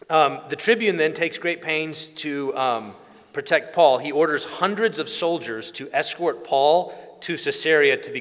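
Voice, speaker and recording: A man preaching a sermon, telling the story with animated asides and acted-out voices. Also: on the high side. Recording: long hall reverb.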